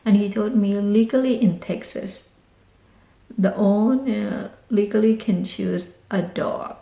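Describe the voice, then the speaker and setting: Excited woman with mellow voice, roomy. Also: mid-range voice, slow pace, vocal fry. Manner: excited, animated retelling with dramatic exclamations. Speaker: vlogger. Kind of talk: casual storytelling. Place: home in rural Texas.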